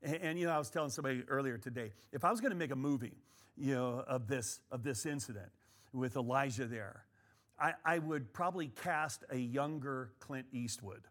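A middle-aged man teaching a Bible study in a conversational, animated way, often repeating words and adding fillers. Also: medium pitch, brisk.

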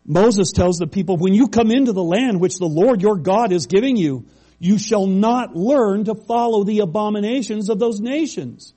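A middle-aged pastor preaches in a relaxed, conversational way, reading verses aloud and then explaining them plainly. His voice sits fairly high for a man and swings widely in pitch. The tone is warm and a little breathy. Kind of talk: sermon.

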